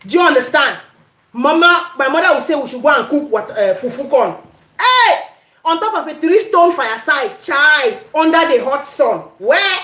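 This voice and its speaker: A woman's voice: high-pitched, animated, moderate pace, pushed and bright, roomy sound. A woman with a Cameroonian accent hosting a home cooking video, chatting to viewers and slipping into Pidgin as she demonstrates. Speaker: cooking channel host. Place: home kitchen.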